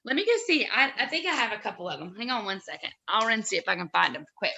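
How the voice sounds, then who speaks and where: A woman in a casual live chat, telling an anecdote in an animated, chatty way. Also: medium pitch, quick pace, vocal fry, noisy background. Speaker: co-host of a fan merch live chat.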